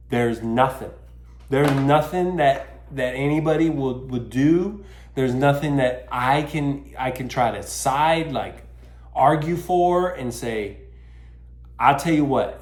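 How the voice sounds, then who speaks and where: A man's voice: mid-range voice, echoey room. A man hosting a solo podcast, talking casually in an exasperated, self-mocking rant full of swearing. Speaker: podcast host.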